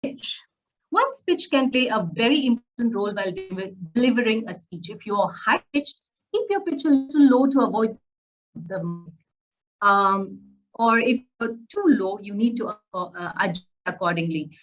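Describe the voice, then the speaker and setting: A woman teaching an online public speaking course. Her voice sits a little high and it is captured on a muffled, lo-fi recording. She pauses on fillers and keeps checking in with her listeners. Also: expressive.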